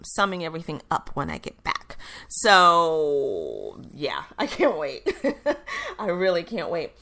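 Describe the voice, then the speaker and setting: A middle-aged woman hosting a solo radio talk show, her voice bright and forward in tone. She rambles in an easy, upbeat way, sprinkling in fillers and restarting her sentences as she answers listener questions. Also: on the low side. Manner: chatty, upbeat, frequent fillers and self-corrections. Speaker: radio show host and intuitive reader.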